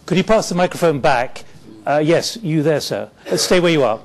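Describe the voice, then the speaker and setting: Brisk man moderating a panel. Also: on the high side, animated. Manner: brisk, directive.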